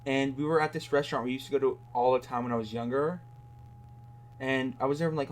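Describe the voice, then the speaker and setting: A man's voice: mid-range voice, steady tone, quick pace, slight background noise. Young man in his 20s, podcast co-host, sardonic, chatty, rambling. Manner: sardonic, rambling, heavy use of "like". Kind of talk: casual chat.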